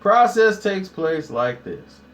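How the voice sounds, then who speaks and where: A man's voice: high voice, very animated, slow pace, slight background noise. A man hosting a casual live stream, talking straight to his viewers in a slangy, hyped way. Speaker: YouTube host.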